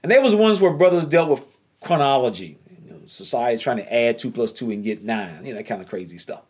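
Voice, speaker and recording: A man from North Carolina with a Southern accent, telling a personal story in a casual, animated way and often repeating phrases. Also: mid-range voice. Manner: animated, repeats phrases, voice jumps up when excited.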